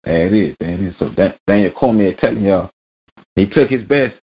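Low-voiced profane sports ranter. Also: male voice, expressive, a little fast. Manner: blunt, profane, reads news aloud. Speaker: vlog host. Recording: dull lo-fi recording.

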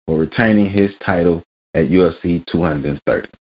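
A man with a low voice reads out sports news and then rants about it, blunt and full of curses. He hosts a weekly rant show. The sound is dull and lo-fi. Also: a little fast. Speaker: vlog host. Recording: dull lo-fi recording.

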